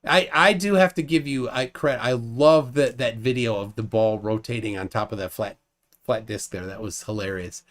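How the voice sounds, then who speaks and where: A man's voice: mid-range voice, normal speed, fairly bright tone. A man hosting a casual live debate stream, wry and laughing often as he reads out viewer comments. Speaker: livestream debate host.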